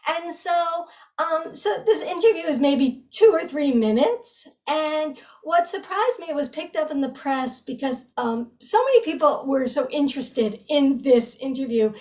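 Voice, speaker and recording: A woman with a high voice talks through her research in a relaxed interview, full of fillers and self-corrections. She sits somewhat back from the microphone. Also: a little slow, recorded from a distance. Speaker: researcher guest. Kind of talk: conversational interview.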